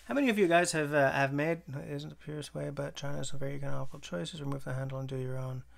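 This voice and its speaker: Brief: man from Canada, live-stream host, loose rambling delivery, a gravelly rasp in the voice. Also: fairly high pitch, fairly even intonation, fast. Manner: rambling, thinks aloud, reads chat messages and reacts. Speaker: livestream host. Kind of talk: casual live-stream chat with viewers.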